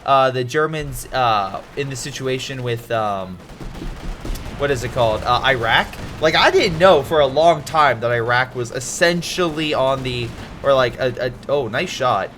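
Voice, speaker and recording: A man's voice: mid-range voice, animated, a little slow, fairly bright tone, slight background noise. A man casually commentating a strategy game replay, rambling into history tangents with many fillers and restarts.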